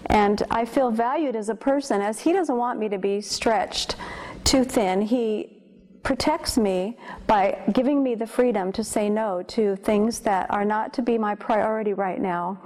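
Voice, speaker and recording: A woman sharing a personal testimony about her marriage, slow, gentle and sincere. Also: fairly high pitch. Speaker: seminar speaker, wife.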